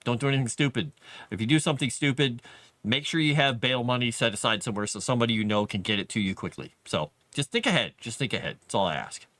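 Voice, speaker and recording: A man's voice: medium pitch, quick pace, a bit bright, no room sound. A man hosting a casual live stream from his basement, chatting in a rambling way and laughing often. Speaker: livestream host. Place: home basement.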